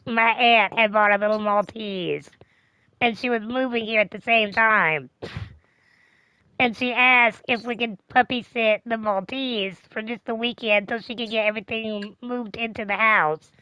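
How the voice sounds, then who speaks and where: Woman streamer rambling and swearing through a story, smooth highish voice, kinda dull dry audio. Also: normal speed, no room sound. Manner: rambling, profane, animated storytelling. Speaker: game streamer. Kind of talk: casual chat.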